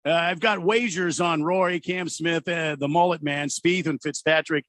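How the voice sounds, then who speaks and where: A man's voice: a little high, steady tone, moderate pace, fairly bright tone. A man hosting sports talk radio, joking around and reading listener messages in a teasing, mocking way. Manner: mocking, mimics players in sarcastic voices.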